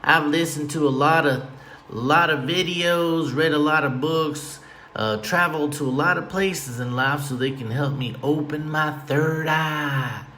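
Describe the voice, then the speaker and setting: Late at night in a room at home with a fan going, this man hosts his podcast in a pushed, bright, slightly high voice at a measured pace. His talk is a folksy, wry ramble that wanders off topic, with a little background noise.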